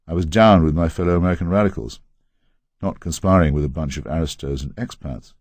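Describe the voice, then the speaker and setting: An English man narrating his memoir as an audiobook in a wry, measured, ironic way. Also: rumbling low, darkish tone, no echo, studio quality. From England.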